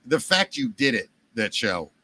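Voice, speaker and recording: A middle-aged man with a Baltimore accent hosting a podcast, chatting casually and telling jokey, animated stories. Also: mid-range voice, measured pace. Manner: joking, animated storyteller. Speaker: podcast host. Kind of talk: casual chat.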